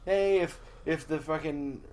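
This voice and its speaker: A man in his thirties rambles through a loose podcast chat. He swears freely, laughs often and stops now and then to clear his throat. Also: a little high, measured pace, a little mellow. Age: 30s. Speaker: podcast co-host. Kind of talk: casual chat.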